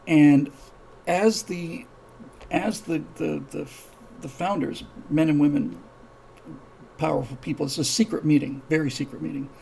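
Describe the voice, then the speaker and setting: Man, host, very gravelly voice, slightly high pitch, rambling storytelling, faint hiss behind. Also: steady tone, a little slow, pauses often, mellow, low-quality recording. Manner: rambling, many restarts, acts out dialogue. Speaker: show host. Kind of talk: live-streamed casual storytelling.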